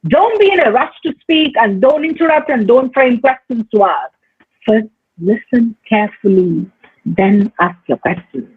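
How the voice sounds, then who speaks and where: A woman teacher educator giving a recorded lecture on life skills, speaking in a measured way with deliberate pauses and stressed words. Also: fairly high pitch, animated, breathy edge, no room sound. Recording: dry, phone-like narrow sound.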